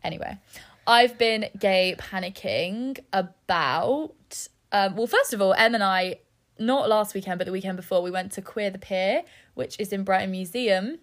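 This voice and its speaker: A woman's voice: medium pitch, moderate pace. A young woman co-hosting a podcast, chatty and enthusiastic, often breaking into giggles. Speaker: podcast co-host. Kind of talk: casual chat.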